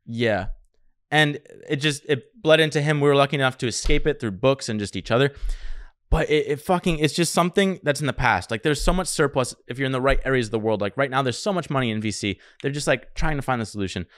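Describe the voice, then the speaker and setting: A man co-hosting a casual podcast chat, talking fast and excitedly and swearing freely. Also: mid-range voice, no echo. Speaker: podcast co-host.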